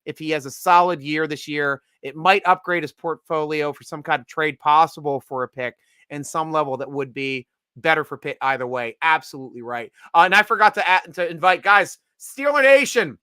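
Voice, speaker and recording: A man hosting a casual live draft stream, joking and excitable, laughing often. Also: a little high, fairly quick, smooth, no room sound, clean studio sound.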